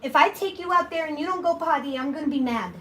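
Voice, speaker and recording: A woman's voice: high-pitched, fast talker, fairly bright tone, slight background noise. A young woman chatting casually on a livestream from a hotel room, thanking viewers and scolding her puppy.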